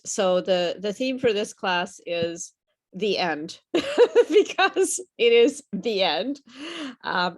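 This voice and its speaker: A woman teaching an online English pronunciation class over a video call, slow and patient, her voice a little worn as she says she is losing it. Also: on the low side. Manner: patient, repeats and models words slowly.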